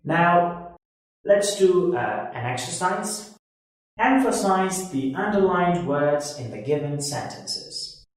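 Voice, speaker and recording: A man teaching an English grammar lesson, explaining points carefully and reading example sentences slowly. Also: sits high, lively intonation, far from the mic. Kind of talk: slow classroom-style grammar lesson. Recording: very echoey room, voice away from the mic.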